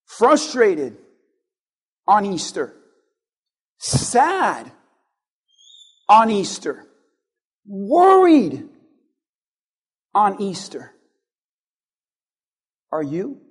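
A man with a very high voice preaches a sermon to his church. He stacks up rhetorical questions and leans on dramatic pauses, dropping low and quiet, then rising again. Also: big pitch swings, breathy edge. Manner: strings of rhetorical questions, dramatic pauses, swings between hushed and loud. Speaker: pastor.

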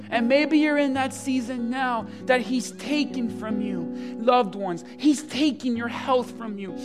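A passionate pastor delivers a live church sermon, moving between quiet, heavy moments and loud, rousing appeals. Throughout, a guitar plays clearly beneath the voice. The delivery is sure and direct and keeps pulling the congregation in. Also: medium pitch. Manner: impassioned preaching that swings from hushed to loud, asks the congregation "amen?". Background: soft guitar music.

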